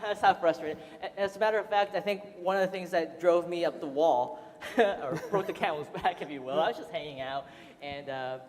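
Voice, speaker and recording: A man's voice: a little high, a little fast, darkish tone. A man giving a casual, chatty seminar talk to an audience, laughing often and full of fillers. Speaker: seminar speaker. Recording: roomy hall reverb.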